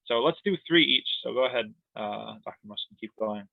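A man's voice: mid-range voice, fairly quick, gravelly, no room sound. Playful male grammar teacher on a tinny call. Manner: playful, jokey explanations with laughs and siren sounds. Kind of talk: online class lesson. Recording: tinny phone-like line.

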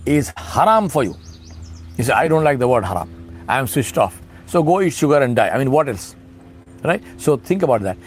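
A man's voice: fairly high pitch, darkish tone. A middle-aged man preaching in a conversational way, asking rhetorical questions and acting out little dialogues. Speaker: Islamic speaker. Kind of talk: informal sermon talk.

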